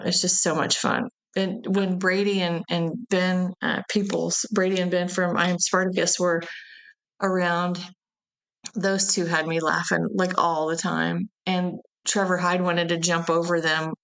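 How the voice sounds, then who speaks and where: Guest, woman, event director; lower voice, loose storytelling with laughs. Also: flat delivery, measured pace, creaky, a bit bright. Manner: rambling, laughs while telling stories. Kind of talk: casual interview chat.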